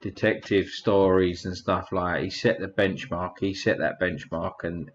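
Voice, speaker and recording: A man's voice: sits low, steady tone, unhurried, muffled recording, a little hiss or hum. A man hosting a casual livestream, rambling and a bit crude as he thanks his chat one by one. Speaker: livestream host.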